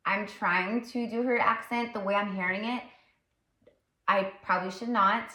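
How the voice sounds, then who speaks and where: Rambling and filling her speech with fillers, a psychic tarot reader chats casually as she channels. Her mid-range voice is bright, forceful and steady at a normal speed, with a roomy echo around it.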